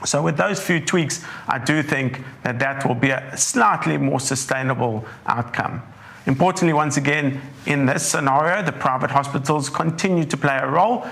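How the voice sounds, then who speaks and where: Hoarse man presenting a webinar. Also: a little high, a bit bright. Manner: measured, leans on "importantly", walks through slides. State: hoarse, croaky throat. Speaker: portfolio manager.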